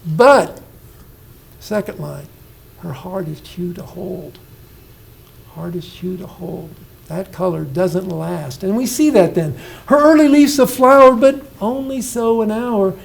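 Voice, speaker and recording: A man's voice: sits high, gravelly, warm tone, rough recording. A man in his sixties, a retiring professor giving an informal poetry lecture at an indoor reception, often asking his listeners questions and restarting his sentences.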